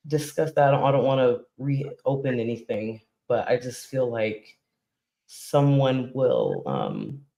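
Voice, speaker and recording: A man hosting a live-stream interview, asking gentle, hesitant questions. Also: medium pitch. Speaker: host. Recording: echoey room.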